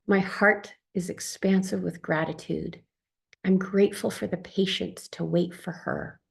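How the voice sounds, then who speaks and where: A woman calmly reading her own first-person account as a therapist, in a soft, tender manner. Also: fairly low pitch, unhurried, gravelly, husky.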